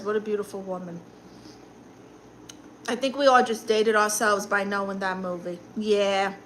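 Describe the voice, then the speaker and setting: A woman's voice: mid-range voice, fairly bright tone, a little hiss or hum. A woman with a Brooklyn accent hosting a casual live stream as a comedic aunt, chatting sassily and answering the chat while she eats. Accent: New York, Brooklyn.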